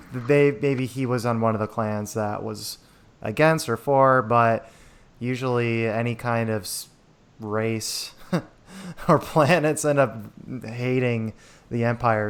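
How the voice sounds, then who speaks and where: A man's voice: medium pitch, a bit bright, clean tone. A man co-hosting a casual fan podcast, easygoing and a little hesitant, often chiming in with agreement. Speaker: podcast co-host. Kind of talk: casual fan chat reacting to a trailer.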